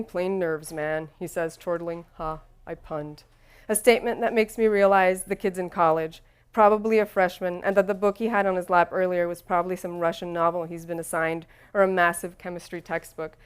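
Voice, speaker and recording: A woman reads a first-person story in a wry, self-deprecating tone. Her voice is smooth and clear at an ordinary pitch, with steady, measured delivery. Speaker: narrator. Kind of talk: first-person audiobook narration.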